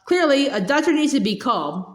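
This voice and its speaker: A woman's voice: high-pitched, big pitch swings, fairly quick, roomy sound, pitched above the performer's own voice. Mister Poe, a woman reading as a fussy stern man. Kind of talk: reading a storybook aloud.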